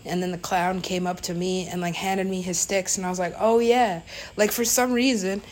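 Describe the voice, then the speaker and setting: A woman's voice: on the low side, steady tone, brisk, poor audio. A woman DJ telling a story in a casual, rambling way, full of fillers and swearing.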